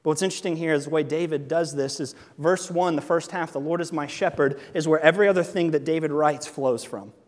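A middle-aged man preaching in a church, his voice pitched high and carrying a long hall reverb. He talks in a lively, conversational way, breaking into asides and chuckles between points. His speed and loudness shift a lot from line to line. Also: brisk, hardly any pauses. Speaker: pastor. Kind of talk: sermon. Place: church sanctuary.

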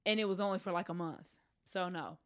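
A woman's voice: fairly low pitch, brisk. A woman co-hosting a casual chat, bubbly and talkative, laughing often.

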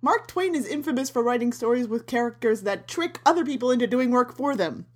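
An actress playing a wry, quick-witted con artist in a comedy audio drama. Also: female voice, on the high side, lively intonation. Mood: scheming. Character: scheming adult woman con artist.

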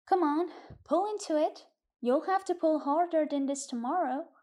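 A woman's voice: high-pitched, normal speed, mellow, voice pushed up, lightly acted. A woman voicing Joe, an easygoing farmer father who teases the boys, in an audiobook reading. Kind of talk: audiobook reading of a short story.

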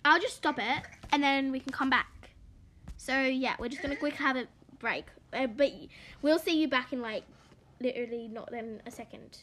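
A woman's voice: high voice, normal speed, a bit bright, a little hiss or hum. A young Australian woman chatting casually on a video call, rambling with lots of fillers and giggles. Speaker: podcast co-host. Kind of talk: casual chat.

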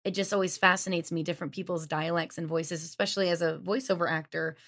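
A woman's voice: fairly low pitch, fairly even intonation, fast, a bit bright. A woman from Louisiana with no regional accent, a voice actor chatting as a podcast guest in an upbeat way and laughing easily. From Louisiana, USA. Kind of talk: casual podcast chat.

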